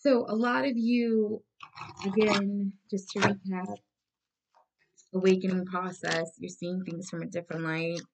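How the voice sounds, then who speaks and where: A woman's voice: medium pitch, flat delivery, a little slow, gravelly, background noise. A woman giving a casual tarot reading to her viewers, blunt and emphatic, swearing freely and repeating her points. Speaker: tarot reader.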